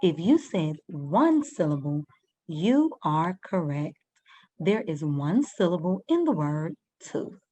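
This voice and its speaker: A woman's voice: fairly low pitch, sing-song, takes it slowly, dark tone. A woman teaching a first-grade reading lesson, patiently sounding out words and guiding young children step by step.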